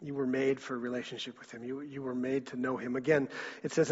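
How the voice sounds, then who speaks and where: A man's voice: mid-range voice, fairly even intonation, fast talker, darkish tone, husky. A man preaching a sermon as a pastor, earnest, often repeating a word as he presses a point. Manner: earnest, repeats words when stressing a point. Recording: dull, lo-fi sound in a long-echo hall.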